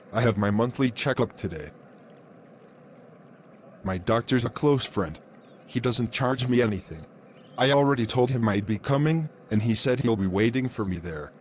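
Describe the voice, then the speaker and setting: A man's voice: medium pitch, slight background noise, natural voice. A man playing a sly, scheming tenant. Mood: grateful. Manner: flattering in public, gloating in private. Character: scheming male tenant faking poverty, sly.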